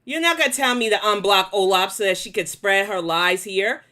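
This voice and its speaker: A woman's voice: medium pitch, moderate pace, pushed and bright. Blunt, profane New York woman host. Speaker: commentary livestream host. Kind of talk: live commentary and chat replies.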